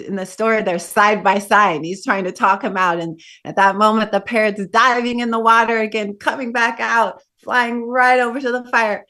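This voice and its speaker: During a dharma talk, a woman meditation teacher with a medium-pitched voice tells a story in an animated, conversational way, dropping in casual asides.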